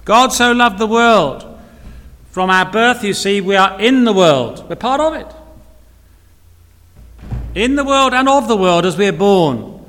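A man's voice: high voice, lively intonation, measured pace, long pauses, fairly bright tone. A man preaching a sermon, earnest, repeating key phrases and asking rhetorical questions. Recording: long reverb of a hall.

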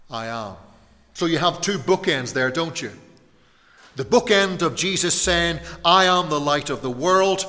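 A man preaching an evening sermon, slow and deliberate, often putting questions to his listeners. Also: on the high side, bright, forceful tone, in a large hall. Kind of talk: evening sermon on a Bible passage.

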